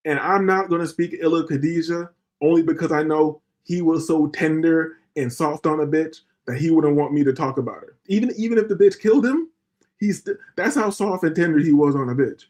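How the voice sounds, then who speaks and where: A man on a livestream, talking in a heated, profane rant. His voice sits a little high for a man, and he keeps circling back to rhetorical questions as he works himself up. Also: steady tone, brisk, darkish tone. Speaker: livestream host.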